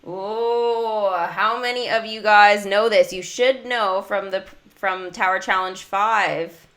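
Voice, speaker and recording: A woman's voice: medium pitch, slow, a bit bright. A woman casually commenting on a mobile game in a livestream, chatting with her viewers. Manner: chatty, talks to chat and viewers. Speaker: gaming livestreamer.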